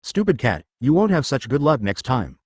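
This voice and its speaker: A man voicing a brutal shark-man pirate in a flat read-aloud manner. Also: mid-range voice, moderate pace, slightly rough. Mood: menacing.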